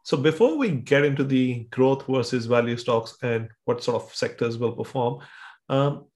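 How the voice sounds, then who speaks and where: A man's voice: medium pitch, moderate pace, a little mellow. A man hosting an interview, asking loosely phrased, inquisitive questions about market indicators.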